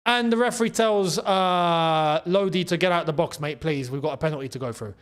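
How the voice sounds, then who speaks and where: A young man with a London accent hosting a live football watchalong, chatting in slang and breaking into excited shouts at big chances. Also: high-pitched, brisk, hardly any pauses, smooth. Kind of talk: live match watchalong commentary.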